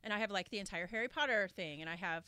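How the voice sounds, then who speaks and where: A woman co-hosting a casual podcast, quick and blunt, swearing and muttering to herself. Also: medium pitch, pushed and bright, smooth. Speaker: podcast co-host.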